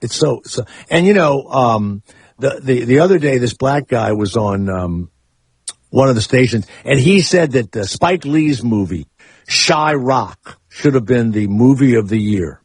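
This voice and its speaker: Husky, animated radio host man. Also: mid-range voice, measured pace, no echo. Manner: rambling, opinionated, animated. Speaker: radio talk show host. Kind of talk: casual talk radio chat. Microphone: studio microphone.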